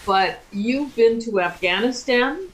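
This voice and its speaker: A woman co-hosting a talk podcast, asking a guest measured questions with pauses and fillers. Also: on the high side, lively intonation, over a noisy crowd, low-quality recording. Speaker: co-host. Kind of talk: interview questions.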